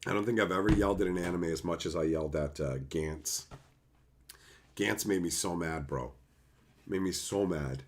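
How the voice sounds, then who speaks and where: A man chatting casually on a livestream and answering chat, animated and swearing freely in loose run-on asides. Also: low-pitched, moderate pace. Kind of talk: casual live-stream chat.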